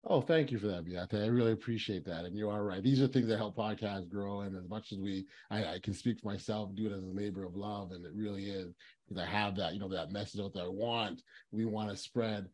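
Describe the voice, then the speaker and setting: A man with a somewhat low voice hosts a podcast interview. He talks in halting phrases full of restarts and filler words, and keeps an encouraging, supportive tone. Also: a little mellow. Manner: halting, many restarts and "you know"s, encouraging. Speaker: podcast host. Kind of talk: conversational interview.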